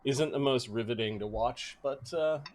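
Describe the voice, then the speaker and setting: A man's voice: mid-range voice, normal speed, a little hiss or hum. A man hosting and running a tabletop game, chatting casually with lots of fillers. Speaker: game master and host.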